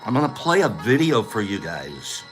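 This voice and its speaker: A man's voice: fairly low pitch, sing-song, moderate pace, a bit bright, faint music behind. A man hosting a live stream in a casual, playful way, greeting viewers by name and teasing them. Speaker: livestream host.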